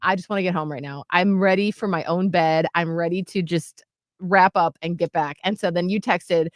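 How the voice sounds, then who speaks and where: A woman in her thirties co-hosting a radio show, retelling a story in an animated, excitable way. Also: lowish voice, moderate pace, no echo, studio quality. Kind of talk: casual chat.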